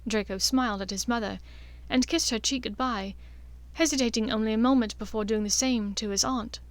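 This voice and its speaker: A woman narrating a fan fiction audiobook in a clear, steady storytelling voice. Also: a little high, a little fast, no echo.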